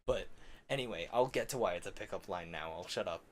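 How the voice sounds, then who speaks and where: A man's voice: low-pitched, fast, slight background noise. A young man streaming, rambling through an embarrassing story with self-mocking asides and frequent laughter. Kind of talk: casual storytelling on a game stream.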